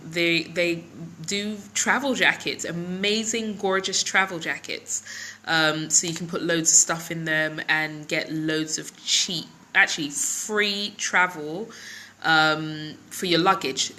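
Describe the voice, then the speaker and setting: Middle-aged woman chatting on a phone livestream, lots of ums, shouts out viewers, bright voice, bit of faint noise behind. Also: on the low side, poor audio. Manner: chatty, greets viewers by name mid-sentence, many ums. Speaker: marketing vlogger hosting a live stream. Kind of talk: casual live-stream chat with viewers.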